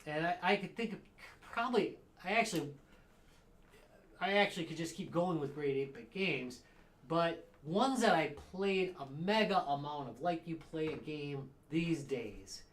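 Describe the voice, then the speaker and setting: A man's voice: fairly high pitch, expressive, normal speed. A man co-hosting a podcast, chatting loosely and rambling with jokes and laughter. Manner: rambling, jokey, laughs often. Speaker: podcast co-host. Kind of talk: casual chat.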